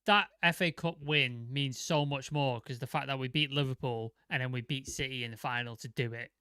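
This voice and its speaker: Young man, sweary football podcast co-host; bright, crisp, dry close sound. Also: mid-range voice, brisk, no echo. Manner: excitable, swears a lot, vivid comparisons. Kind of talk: casual sweary football chat.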